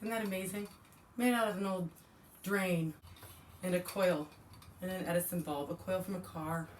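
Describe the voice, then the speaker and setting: Woman, forties, lowish voice, gushy unboxing chat, a bit off-mic with faint noise. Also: fairly even intonation, normal speed, distant mic. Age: 40s. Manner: gushing, exclaims often. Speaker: vlogger.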